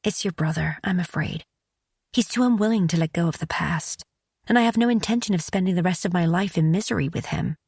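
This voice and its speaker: A woman voicing a hurt young wife in an audiobook, talking quietly and with restraint. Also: on the low side, brisk, creaky, slightly rough, dry recording, studio quality. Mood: sad restrained. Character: young American wife, hurt but composed.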